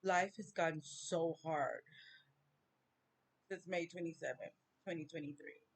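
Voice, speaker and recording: Woman, vlog rant, slow and halting, close to crying. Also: low voice, steady tone. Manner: slow, halting, tearful grief. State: near tears. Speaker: vlogger. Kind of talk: personal rant to camera.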